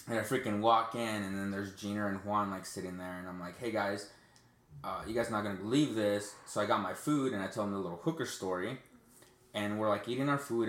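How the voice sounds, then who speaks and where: A man's voice: lowish voice, a bit bright. A young man telling a profane, slangy story in casual chat as a podcast host, with lots of "dude" and "man". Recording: roomy echo.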